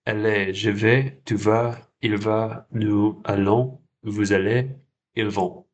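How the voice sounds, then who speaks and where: A man's voice: lowish voice, little pitch movement, slow pace, a little hiss or hum. A man hosting a casual livestream study session, thinking aloud and repeating words as he checks himself. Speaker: French learner and livestream host.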